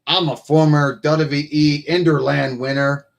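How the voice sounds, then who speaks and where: A man's voice: a little high, level tone, unhurried, vocal fry. A man hosting his own live stream, talking casually and rambling, often circling back to repeat himself, into what sounds like a computer mic.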